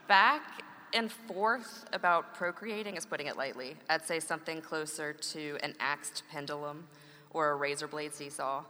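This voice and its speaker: A woman in her thirties, a mother and co-host, trades wry, playful lines in a scripted conversational read. Her voice is bright and forward, pitched on the lower side. A long hall-like reverb trails each phrase. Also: moderate pace.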